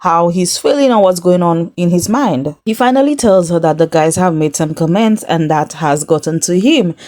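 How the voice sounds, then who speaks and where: A woman's voice: on the low side, normal speed, warm tone. A woman hosting a reality TV recap vlog, chatty and sassy, talking straight to her viewers and scolding the cast. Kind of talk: casual recap commentary to camera.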